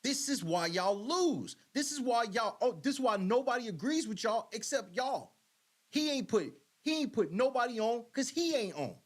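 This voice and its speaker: Male podcast host, casual commentary, blunt and mocking, high animated voice. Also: moderate pace.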